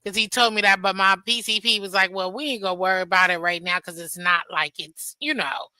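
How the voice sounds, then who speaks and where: A woman's voice: medium pitch, fairly even intonation, fairly quick, pushed and bright, clear, resonant tone, no room sound. A woman guest in a casual chat, telling a rambling story with many fillers.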